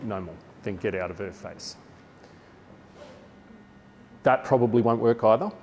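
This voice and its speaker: An Australian man giving a lively workshop talk to teachers, acting out classroom lines with a bigger, brighter voice. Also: fairly low pitch, a little slow, in a large hall. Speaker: teacher trainer.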